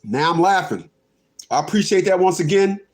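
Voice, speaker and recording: A man's voice: sits high, expressive, normal speed, slight background noise. Laughing, profane man in his fifties. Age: 50s. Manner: laughs often, repeats phrases, profane. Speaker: livestream host. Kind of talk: rambling livestream rant.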